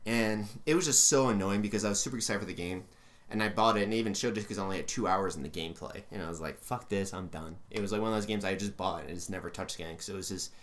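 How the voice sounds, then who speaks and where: Ranting young man with a low voice. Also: very fast, fairly bright tone. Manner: ranting, frequent swearing, many fillers. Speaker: podcast co-host. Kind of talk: casual gaming podcast chat.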